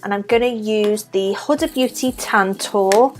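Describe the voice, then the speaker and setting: A young makeup vlogger with a broad Liverpool Scouse accent chats casually through her makeup routine, naming every product and brush as she uses it. Her mid-pitched voice moves at a measured pace, broken up by small self-deprecating asides, with faint music playing softly beneath.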